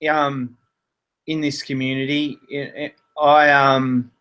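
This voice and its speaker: A man talks slowly and reflectively as a guest in a casual chat. He halts and restarts often, sounding hesitant. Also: mid-range voice, fairly even intonation, fairly bright tone.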